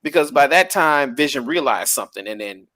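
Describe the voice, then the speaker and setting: A man hosting a casual chat about a TV episode, retelling scenes in an animated, exasperated way and laughing along. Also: medium pitch, fairly quick. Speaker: podcast host.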